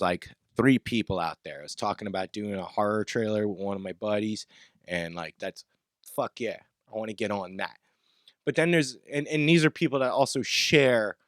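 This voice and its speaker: A man hosting a podcast, ranting off the cuff in a blunt, profane way, swinging from loud outbursts to low muttering. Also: dry recording, clean studio sound. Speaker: podcast host.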